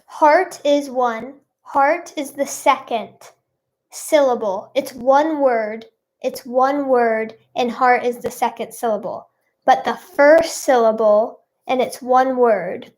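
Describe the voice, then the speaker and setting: In a lighthearted live stream, the female host talks at a relaxed, leisurely pace. Her high, bright voice bubbles with cheer as she shares her audience's guesses.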